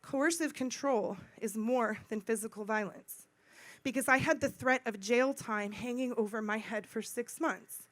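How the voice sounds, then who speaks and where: A middle-aged woman speaking at a conference, telling a personal story in an animated way, acting out dialogue and repeating phrases for emphasis. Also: on the high side, unhurried, no echo. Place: conference stage.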